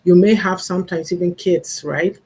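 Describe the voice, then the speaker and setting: Older woman, host of a live faith talk, husky, earnest and advising. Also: fairly low pitch, fairly even intonation, moderate pace, dark tone. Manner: earnest, advising, acts out parents' sayings. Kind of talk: livestream talk on family and faith.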